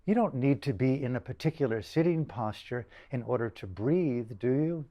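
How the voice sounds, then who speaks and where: Older guy giving a dharma talk, slow and emphatic, says things twice for weight. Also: medium pitch, lively intonation, mellow. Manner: emphatic, slow and deliberate, repeating phrases for stress. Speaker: dharma teacher.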